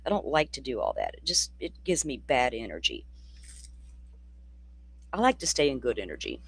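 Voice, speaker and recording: A true crime host from the Deep South, talking in a loose, rambling livestream chat that is blunt, profane and sardonic. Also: huge pitch swings, normal speed, gravelly, fairly bright tone, slightly rough, no echo. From Florida, near the Alabama state line. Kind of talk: casual livestream commentary.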